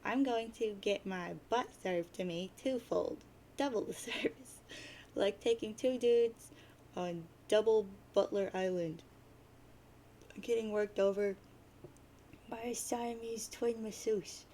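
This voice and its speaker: A woman's voice: medium pitch, slow, warm tone, a little hiss or hum, natural voice. A woman reading the lines of a mopey, sarcastic teenage boy who sees himself as a prophet of doom, in a dramatic webcomic reading. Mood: gloomy. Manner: grumbly, sarcastic, self-pitying.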